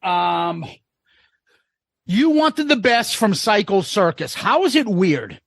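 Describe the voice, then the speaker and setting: A man's voice: high-pitched, very animated, slow, vocal fry, fairly bright tone, dry recording. A man co-hosting a podcast in casual chat, blunt and profane, laughing often. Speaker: podcast co-host.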